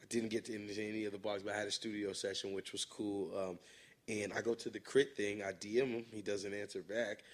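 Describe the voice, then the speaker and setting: A young adult man, a guest rapper, telling stories in a relaxed, casual way, full of "like" and fillers. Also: lowish voice, brisk. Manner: relaxed, filler-heavy, says "like" a lot. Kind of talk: casual storytelling. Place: live podcast stage.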